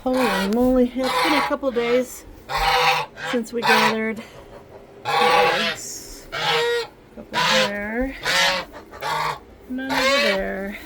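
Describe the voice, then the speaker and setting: A backyard bird keeper talks sweetly to her hens and ducks while gathering eggs outdoors in a poultry yard, narrating casually. Her voice is a little high and slow, with frequent pauses. Heavy background noise comes from the loud farm birds around her.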